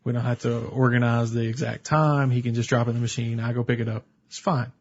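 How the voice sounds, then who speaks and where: A man co-hosting a podcast, telling an animated story in a casual chat. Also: medium pitch, quick pace, muffled recording. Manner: animated storyteller, breaks into laughter. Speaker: podcast co-host.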